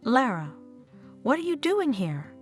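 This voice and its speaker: A woman's voice: fairly high pitch, big pitch swings, a little slow. A woman narrator voicing a shocked, grieving widower who pleads with a stranger, with faint guitar music behind. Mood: pleading. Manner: pleading, bewildered.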